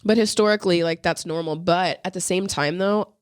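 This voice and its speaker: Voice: medium pitch, a little fast, smooth, no room sound, studio quality. A young adult podcast co-host in rambling, slangy casual chat, swearing freely and acting out quoted lines.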